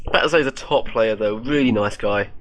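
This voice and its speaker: A man's voice: fairly low pitch, moderate pace, a bit bright, no room sound. Joking man commentating a stream draft. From Europe. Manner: joking, laughs often, teasing.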